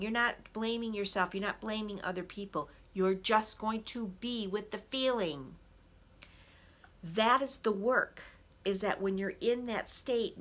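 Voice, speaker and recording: A woman speaking as an emotional wellness coach, giving an animated motivational talk directly to her listeners and acting out angry inner voices along the way. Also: medium pitch. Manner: direct, addresses listeners as "people".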